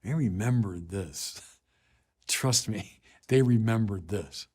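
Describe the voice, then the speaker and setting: A middle-aged man preaching a sermon, slow and deliberate, building to emphatic declarations. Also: fairly low pitch, darkish tone, breathy edge.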